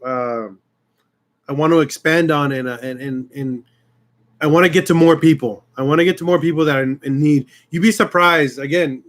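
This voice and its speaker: Guy on his channel chatting to fans, kinda high voice, rambly, emotional, lots of restarts. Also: fairly bright tone. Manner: rambling, heartfelt, many restarts. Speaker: YouTube channel host. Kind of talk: casual live-stream chat.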